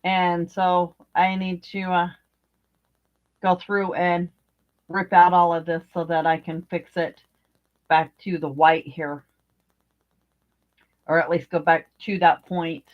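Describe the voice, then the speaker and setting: In a dull, lo-fi home recording, an older woman who vlogs about crochet rambles casually as she crochets, thinking aloud and using fillers. She speaks slowly at a fairly low pitch with little pitch movement, leaving long pauses.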